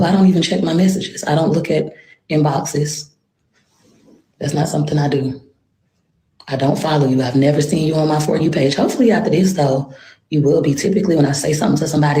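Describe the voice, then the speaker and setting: A woman's voice: low-pitched, mellow. A woman rambling on a livestream, venting her frustration with sighs. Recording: echoey room.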